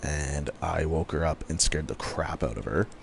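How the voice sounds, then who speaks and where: A man's voice: a bass voice, moderate pace, gravelly, a little hiss or hum. A man chatting casually while gaming, rambling through a story with lots of fillers. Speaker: co-host.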